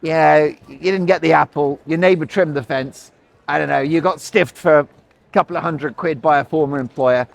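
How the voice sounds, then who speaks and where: A blunt, no-nonsense older lawyer reasons plainly with a caller, as a man quotes him. The voice is fairly high and direct. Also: moderate pace, gravelly, no echo.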